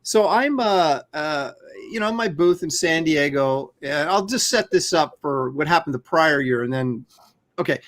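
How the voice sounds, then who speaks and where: A man co-hosting a podcast, telling a casual anecdote in an animated, rambling way with lots of fillers. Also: a little high, normal speed. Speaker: podcast co-host.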